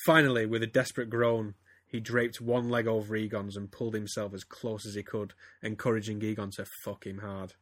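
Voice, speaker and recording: A man's voice: lowish voice, little pitch movement, fairly quick, hardly any pauses, dry recording, clean studio sound. Man doing a comic dramatic reading. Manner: reads theatrically, breaks into laughter. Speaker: podcast host.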